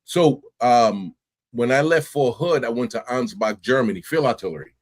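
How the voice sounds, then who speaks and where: A middle-aged man from New York, a podcast guest telling his stories in casual, animated talk, often laughing and acting out voices. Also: mid-range voice, moderate pace. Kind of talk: casual interview storytelling.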